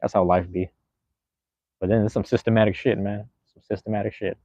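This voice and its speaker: Young west coast dude rambling on his live stream, quick and loose, lots of slang and swearing, kinda low voice. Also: little pitch movement, a little mellow, dry recording, muffled recording. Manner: laid-back, rambling, street slang and cursing. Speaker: podcast host and live streamer. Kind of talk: casual live-stream monologue.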